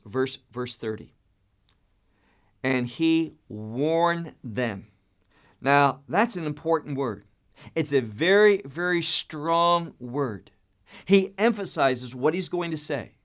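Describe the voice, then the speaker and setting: Expressive man teaching a Bible study. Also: on the high side. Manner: expressive, emphatic, stresses key words; repeats and restarts words.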